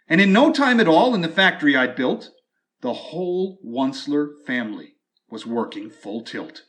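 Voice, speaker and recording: A man reading a rhyming storybook aloud with an expressive, drawn-out delivery. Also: a little high.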